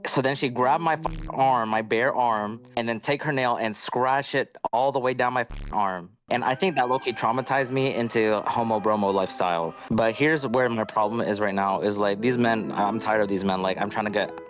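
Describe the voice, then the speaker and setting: A man's voice: on the low side, moderate pace, hardly any pauses. A man caller telling a story casually, laid-back with crude slang.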